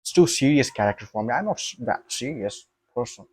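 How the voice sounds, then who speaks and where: A man's voice: mid-range voice, lively intonation, fairly quick, darkish tone, breathy edge, no echo. Young man, camera vlog, emphatic and rambling, swearing, dry close sound. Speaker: vlogger. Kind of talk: thinking aloud to camera.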